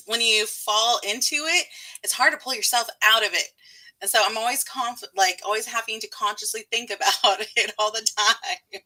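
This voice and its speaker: A Texan woman in her thirties hosts a live writing stream, chatting casually in a Texan accent. Her voice is a little high and sharp-toned, and she's giggly and chatty, laughing often.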